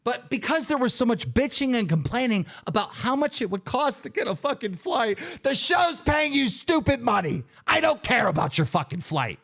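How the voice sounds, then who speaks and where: Host, male, high lively voice, furious profane rant that keeps breaking into shouts. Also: moderate pace, gravelly, few pauses. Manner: profane, heated, bursts into shouting. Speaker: show host. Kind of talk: angry livestream rant.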